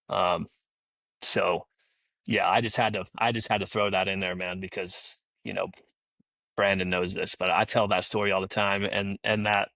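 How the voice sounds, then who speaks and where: Ex-military male podcast guest, gravel in the voice, easygoing anecdotal storyteller, lower register. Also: fairly bright tone, no room sound. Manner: rambling anecdotal storytelling with many restarts. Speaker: podcast guest, former Navy SEAL. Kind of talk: casual storytelling interview.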